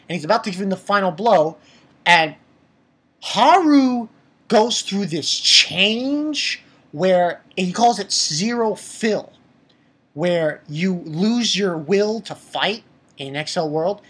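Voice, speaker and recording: Husky-voiced man ranting through a review. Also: high-pitched, slow pace. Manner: animated, profane, mocking, swings from shouting to muttering. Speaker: anime reviewer.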